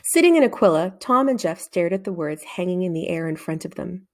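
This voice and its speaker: Woman reading a kids' book out loud, really expressive, pitch all over the place, does the voices. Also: a little fast. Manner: expressive, with shifts into character voices. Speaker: reader. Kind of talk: children's book read-aloud.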